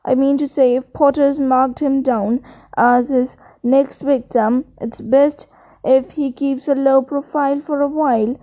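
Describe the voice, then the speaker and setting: A woman voicing a solemn, self-important stout schoolboy who gossips in hushed, grave tones. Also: high-pitched, steady tone, a little slow. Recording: tinny phone-like sound.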